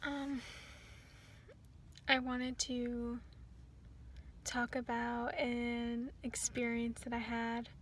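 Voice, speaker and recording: A woman's voice: fairly high pitch, drawn-out words, pauses often, slight background noise. A young woman telling a story about a rideshare passenger in a casual, rambling way, full of "like" and restarts. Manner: rambling, many "like"s and restarts, quotes others in lively bursts.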